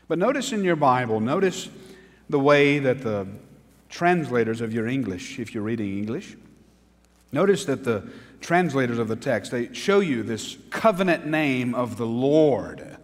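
A man preaching a sermon as pastor, with dramatic pauses, sudden swings in volume and emphatic peaks, speaking straight to his congregation. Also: mid-range voice, expressive. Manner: speaks directly to the congregation, asking them to repeat words. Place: church sanctuary. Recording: long reverb from a large hall.

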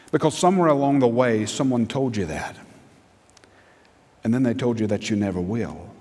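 Pastor, middle-aged man, emphatic sermon with rhetorical questions, mid pitch, long hall reverb. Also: a little mellow. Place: church sanctuary.

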